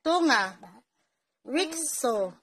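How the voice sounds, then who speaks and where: A woman's voice: high voice, expressive, extremely slow, noisy background. A mother with a Filipino accent reading a picture book to her toddler at bedtime, repeating each word back and praising often. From Philippines.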